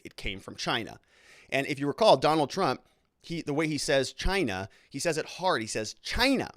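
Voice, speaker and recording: A man's voice: mid-range voice, dry recording. Chatty male lawyer hosting commentary, dry sound. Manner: animated, self-interrupting, restarts often. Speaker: lawyer and show host. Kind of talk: casual legal commentary.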